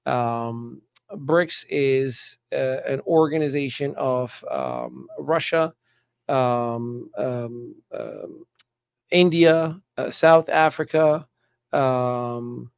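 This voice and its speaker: A man's voice: medium pitch, expressive, extremely slow, gravelly, clear, resonant tone, dry recording, clean studio sound. A man, middle-aged, chatting emphatically about politics as a podcast guest and often repeating words as he starts a sentence. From United States. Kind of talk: casual political chat.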